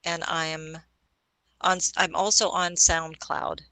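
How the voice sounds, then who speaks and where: A woman's voice: lowish voice, flat delivery, slow, pushed and bright, clear, resonant tone, no echo, rough recording. A woman guesting on a podcast, telling about her music in a chatty way, often laughing and spelling names out. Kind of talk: casual podcast chat.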